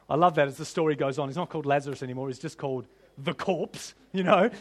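A man preaching a sermon, animated and humorous, often laughing and piling up rhetorical questions. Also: fairly high pitch, a little fast.

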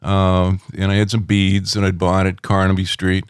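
A middle-aged man, a rock critic, telling anecdotes in a relaxed interview at home, rambling with many fillers. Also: deep voice, normal speed, clean tone, no echo, clean studio sound.

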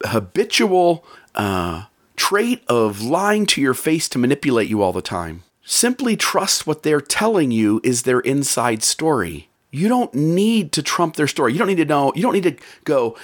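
A man's voice: on the high side, very animated, moderate pace. A man giving an earnest motivational talk about relationships, repeating phrases for emphasis.

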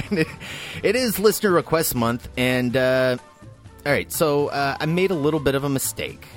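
A man's voice: mid-range voice, animated, moderate pace, soft background music. A man co-hosting a film podcast, rambling and laughing in casual chat. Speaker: podcast co-host.

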